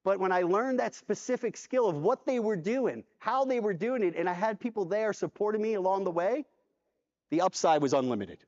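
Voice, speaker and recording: Animated man telling a story on stage. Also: high voice. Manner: animated storyteller acting out dialogue. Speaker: conference keynote speaker. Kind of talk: storytelling keynote talk. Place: large convention hall. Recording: dull hall reverb from a conference stage.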